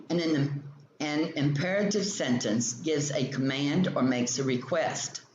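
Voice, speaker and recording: A male teacher slowly reading a grammar textbook lesson aloud, explaining each example sentence step by step. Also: on the high side. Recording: roomy, dull lo-fi sound with faint ambient noise.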